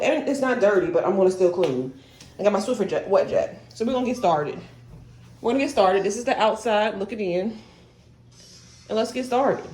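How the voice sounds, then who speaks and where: A young vlogger who is pregnant chats breathlessly to her followers while cleaning her bathroom at home. She has a mid-range, somewhat dark voice, and the recording carries the echo of a household room plus slight noise.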